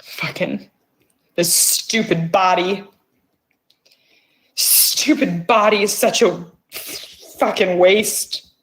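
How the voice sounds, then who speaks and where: Speaking slowly with frequent pauses, a medium-pitched middle-aged host guides listeners toward emotional release. She coaxes them with fierce, often profane words.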